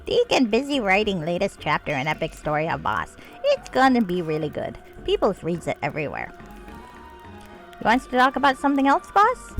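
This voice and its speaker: A woman's voice: mid-range voice, huge pitch swings, normal speed, soft background music, rough recording. A woman voicing a small, cute, eager servant who speaks in broken grammar.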